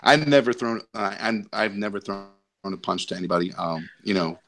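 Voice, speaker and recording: A young man with a lowish voice spins a rambling story in casual podcast chat. He talks loosely, full of ums and likes, and breaks into laughter as he goes. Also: normal speed, a bit bright. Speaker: podcast co-host.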